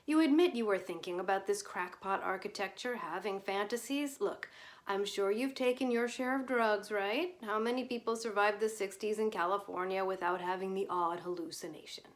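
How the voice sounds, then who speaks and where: A glib male journalist, as a woman reader puts him on, talks in a breezy, sardonic, lecturing way. He sounds like he has an easy answer for everything. The voice sits in an ordinary middle pitch. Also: normal speed, close to an everyday voice. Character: glib wisecracking male journalist, cynical debunker.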